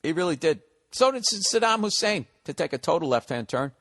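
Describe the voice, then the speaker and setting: A man's voice: on the high side, very animated, a little fast, a bit bright. A man hosting his own podcast, talking in a casual, rambling monologue that is blunt, joking and full of swearing. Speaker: podcast host.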